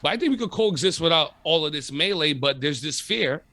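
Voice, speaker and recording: Guy radio host, high-ish bright voice, swears a lot, fired up, dry close sound. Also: fairly quick, dry recording. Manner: animated, profane, emphatic storytelling. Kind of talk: casual interview chat.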